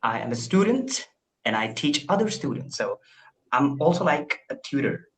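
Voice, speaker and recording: A young man from India talks over a video call in an eager, self-deprecating way, stumbling and restarting as he explains himself. His voice sits at an ordinary middle pitch for a man. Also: big pitch swings, moderate pace, low-quality recording. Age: 20s. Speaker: language learner. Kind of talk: casual video call conversation.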